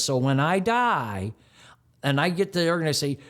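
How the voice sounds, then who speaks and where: A man's voice: a little high, very animated, unhurried, fairly bright tone. A man who produces and hosts community television shows, answering interview questions emphatically and rattling off long lists. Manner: mocking rhetorical outbursts.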